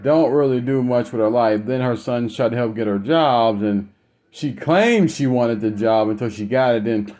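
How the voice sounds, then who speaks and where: A man's voice: mid-range voice, moderate pace, a little mellow. A young man telling a family story in a casual, blunt, profane rant. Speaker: vlogger.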